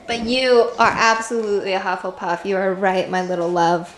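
In a home vlog recorded in an echoey room with clear background noise, a young woman in her twenties chats candidly about being sore from a workout, swearing casually. Her medium-pitched voice is flat, moderately paced, with few pauses.

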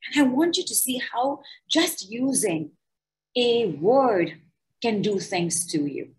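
A woman, a spiritual teacher, leading a guided meditation, speaking in slow, soothing, repeated chant-like phrases. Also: on the high side, expressive, a little hiss or hum, poor audio.

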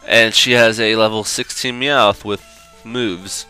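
A man's voice: fairly low pitch, fairly even intonation, takes it slowly, sharp tone, clear, resonant tone, soft background music. A young man doing gameplay commentary, swearing and groaning whenever the game turns against him. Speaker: let's play commentator.

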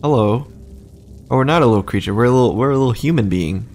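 A man's voice: medium pitch, animated, rapid-fire, a little mellow. A man streaming a horror game, chatting casually and reacting aloud as he plays, swearing now and then. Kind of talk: casual gameplay commentary.

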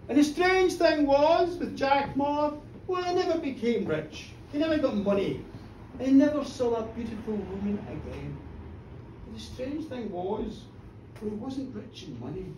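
Live male folk storyteller, expressive and theatrical, mic some distance away in a reverberant pub. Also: very high voice, moderate pace, noisy background. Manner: dramatic and animated, with sound effects and screams. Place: pub stage with an audience. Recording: roomy live bar from far off.

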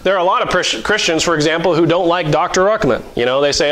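A man's voice: sits high, fairly quick, few pauses, slight background noise, rough recording. A middle-aged male pastor preaching a sermon in a conversational way, with mock-voiced asides and chuckles.

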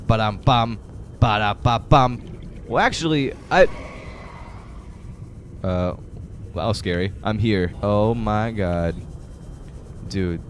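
Excitable young male gaming streamer. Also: medium pitch, a little hiss or hum. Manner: excitable, swings between mumbling and shouting. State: tired. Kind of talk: live-streamed gameplay commentary.

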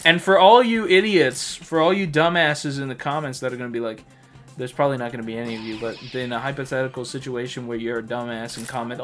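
A man's voice: medium pitch, a little fast, a bit bright, faint music behind. A man co-hosting a crude comedy gaming show, rambling through profane tall tales. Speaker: co-host.

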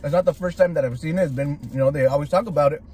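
A man's voice: a little high, racing, slight background noise. A man, chatting in a car as a food vlogger, ranting with slang, swearing and Spanish asides. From Southern California. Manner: animated, slangy, switches into Spanish. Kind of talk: profane ranting chat while eating. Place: inside a parked car.

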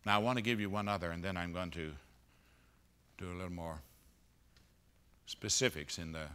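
A man preaching a sermon at a conference, moving between loud emphatic peaks and hushed low passages. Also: steady tone, moderate pace, clear, resonant tone. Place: conference auditorium.

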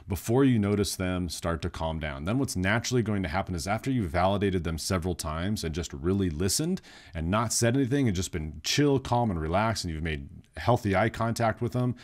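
Low-voiced man giving nursing tips. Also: expressive, a little fast. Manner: casual, plain-spoken explaining. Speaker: psychiatric nurse. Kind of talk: instructional video talk.

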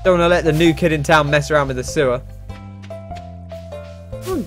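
A man's voice: a little high, moderate pace, soft background music. A young man casually commenting on a video game as host, chatty with wry asides. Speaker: let's play host.

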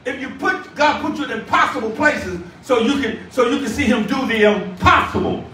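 Bishop preaching, very high bright voice, booming hall echo, mic far off. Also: male voice, animated, normal speed, a little hiss or hum. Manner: shouting, call-and-response preaching. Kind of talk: sermon. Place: church sanctuary. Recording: echoey church room, distant mic.

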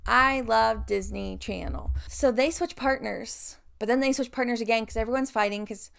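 A young woman recaps an old show in a sarcastic commentary, dropping deadpan asides. Her voice sits a little high and carries a lot of vocal fry. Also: moderate pace, hardly any pauses. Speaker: video essay host.

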